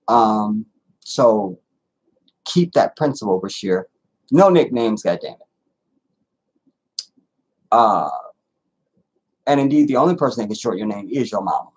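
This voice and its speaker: A man's voice: on the low side, measured pace, long pauses, husky. A man hosting a casual livestream, reading chat comments aloud and talking back bluntly with plenty of profanity. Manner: blunt, profane, animated storytelling. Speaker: livestream host.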